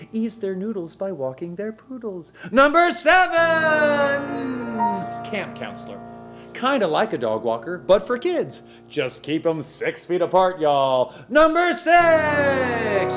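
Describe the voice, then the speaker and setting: A man hosts a live-streamed music show from a studio, using folksy, theatrical showman patter full of jokes. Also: sits high. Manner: folksy, theatrical announcer delivery.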